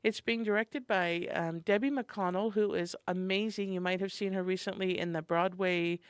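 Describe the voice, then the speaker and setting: A chatty, upbeat woman co-hosts a morning radio show and reads through the week's community calendar. Her voice sits at an ordinary middle pitch for a woman. She is heard through a close studio microphone, with a dry sound and no room in it. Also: steady tone, normal speed, smooth, dry recording. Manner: chatty and enthusiastic, reading a calendar. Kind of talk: community events rundown on radio.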